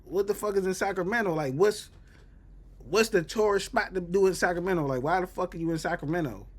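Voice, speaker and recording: A man telling a story in casual chat, animated and jumping into loud, high exclamations. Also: fairly quick. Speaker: reaction streamer.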